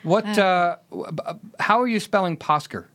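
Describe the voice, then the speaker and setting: A man's voice: sits high, moderate pace, fairly bright tone. A man hosting a casual chat, rambling and stumbling over his words, laughing a lot. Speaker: host.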